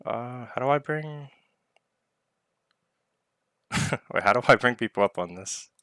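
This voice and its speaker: A man's voice: medium pitch, lively intonation, slow pace, pushed and bright, smooth, no room sound, studio quality. A man hosting a casual live Q&A over online voice chat, rambling with lots of filler words. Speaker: project owner hosting a community Q&A. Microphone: online voice chat mic.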